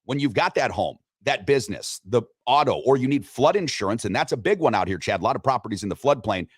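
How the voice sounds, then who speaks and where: A man's voice: mid-range voice, expressive, quick pace, husky, no echo, clean studio sound. Joking male sports radio host. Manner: loose, joking, swears casually. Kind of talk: casual sports talk with live sponsor reads.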